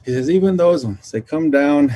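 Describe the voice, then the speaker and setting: A man, from the Nation, sharing traditional teachings in a gentle, unhurried storytelling talk that pauses and circles back. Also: fairly high pitch, animated. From Navajo Nation.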